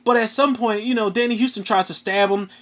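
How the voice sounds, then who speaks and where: A man with a Philadelphia accent ranting casually through a film review, animated and profane, ending his phrases with "man". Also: high voice, brisk. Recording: dull lo-fi recording.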